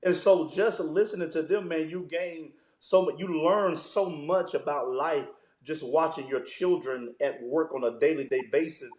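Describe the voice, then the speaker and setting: Pastor, male, fairly high voice, easygoing storyteller; recorded in an echoey room. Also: moderate pace, hardly any pauses. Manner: relaxed, storytelling, frequent "man" fillers. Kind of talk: conversational interview.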